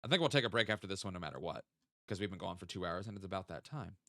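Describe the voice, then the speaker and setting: A man's voice: low-pitched, animated, rapid-fire, sharp tone, no echo, clean studio sound. A young man casually thinking aloud and joking while streaming a geography guessing game. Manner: chatty, thinks aloud, jokey asides. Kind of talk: casual gaming stream chat.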